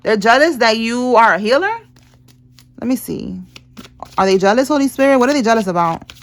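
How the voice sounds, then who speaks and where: A woman's voice: fairly high pitch, lively intonation, fairly quick. Chatty woman giving a slangy tarot reading. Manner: chatty, laughs often, slangy and blunt. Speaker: tarot reader. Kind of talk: casual tarot reading to camera.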